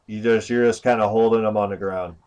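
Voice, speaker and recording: A man's voice: on the low side, fairly even intonation, fairly quick, darkish tone, smooth, muffled recording. A man acting as game master, describing scenes and asking players to roll. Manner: directs players, asks for rolls. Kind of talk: running a tabletop game.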